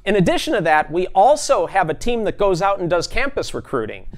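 A man's voice: sits high, sing-song, fairly quick. A man co-hosting a live stream, cheerful with a polished delivery. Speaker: livestream co-host. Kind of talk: scripted-sounding welcome and answers.

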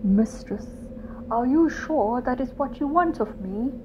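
A woman reading an audiobook, voicing a haggard, raspy ghostly man with formal, old-fashioned speech. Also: high voice, lively intonation, a little slow. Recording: dull lo-fi with loud noise.

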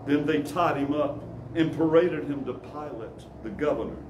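A man preaching a sermon, reading scripture as a dramatic story and dropping low and quiet on solemn lines. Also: moderate pace, noisy background. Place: church sanctuary. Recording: echoey church room, faint ambience.

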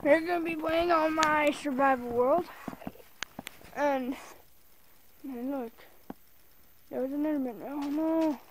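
A woman hosting a gaming video from a bed at home, rambling in casual let's play commentary and quick to get annoyed. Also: high voice, a little hiss or hum.

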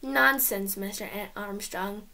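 A woman's voice: medium pitch, takes it slowly, gravelly, sharp tone, full character voice. A woman reading as a firm, proper school principal.

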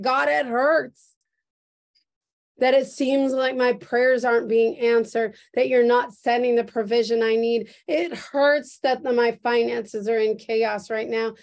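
A woman pastor with a fairly high voice delivers a prophetic sermon at an unhurried pace. She speaks with earnest emotion and circles back to the same phrases. The sound comes through a video call. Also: a little mellow. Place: church service streamed on video call.

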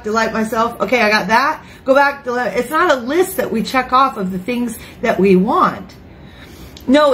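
A woman in her fifties, a grandmother, preaching an informal online sermon in a chatty, emotional way with lively asides. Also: on the high side, a little hiss or hum, low-quality recording. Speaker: ministry speaker. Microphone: phone or webcam, online broadcast.

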